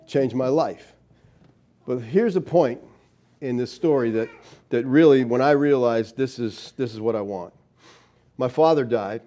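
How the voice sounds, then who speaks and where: A middle-aged male pastor preaching with a warm, mellow tone. He tells stories with lively swings, rising to loud emphasis and dropping to hushed asides. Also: medium pitch. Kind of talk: sermon.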